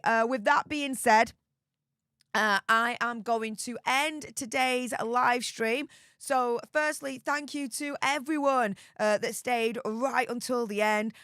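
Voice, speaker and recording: A young English woman hosting a live stream, rambling in a chatty, excitable way with plenty of fillers and mild cursing. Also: a little high, smooth, no room sound, studio quality. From Yorkshire, England. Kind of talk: casual live stream chat.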